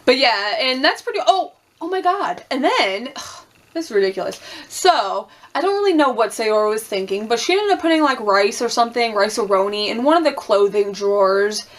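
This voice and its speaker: A woman's voice: a little high, lively intonation, moderate pace. A young woman chatting casually through a reality TV recap, swearing freely, acting out quotes and laughing often. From Puerto Rican and Cuban heritage.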